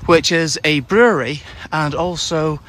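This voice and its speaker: A man's voice: fairly high pitch, a little slow, fairly bright tone. A man vlogging as he walks outdoors, chatting and pointing things out along the way. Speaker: travel vlogger. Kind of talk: walking tour commentary. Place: outdoors, on a beach and vineyard paths. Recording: outdoor noise behind the voice.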